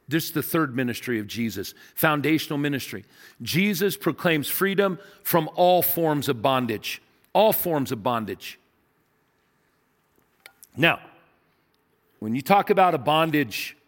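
A middle-aged man preaching a sermon as a pastor, earnest, moving from loud to hushed. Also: medium pitch. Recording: long hall reverb.

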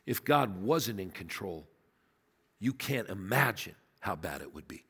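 A man's voice: expressive, unhurried, breathy edge. Older male pastor preaching in a hall. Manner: storytelling, rising to emphatic peaks and dropping to low quiet asides. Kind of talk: sermon. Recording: long reverb of a large hall.

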